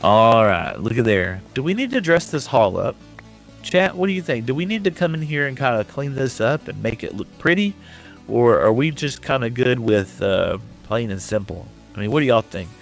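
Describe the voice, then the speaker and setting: A Texan man with a pitch that sits right in the middle for a man, talking loosely and rambling through stories as he plays. He chats straight to his viewers in an easygoing way, with faint music underneath. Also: sing-song, moderate pace, gravelly. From West Texas. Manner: rambling storyteller, chatting with viewers. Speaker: streamer. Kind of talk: casual chat while gaming.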